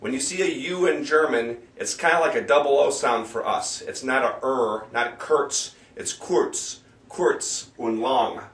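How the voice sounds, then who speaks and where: A man teaching a sing-along at an even middle pitch, drawing out each foreign word slowly and clearly. He catches and corrects his own slips as he goes. His voice comes from some distance off the mic and rings around a roomy space. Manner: slow, careful enunciation of foreign words, stops to correct himself. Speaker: sing-along leader teaching a German bar song. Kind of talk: casual spoken lesson with sung examples.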